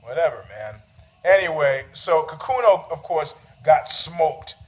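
A man with a notably high-pitched voice rants through a story in casual, profane style. He is sarcastic and needling, and often laughs at his own jokes. He sounds middle-aged. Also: expressive, a little slow.

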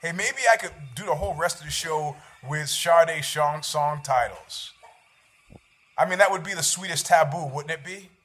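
A man's voice: fairly high pitch, normal speed, a bit bright. A man, hosting a show, rambling about fights with sarcasm and freely dropping swear words. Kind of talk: casual chat about fights.

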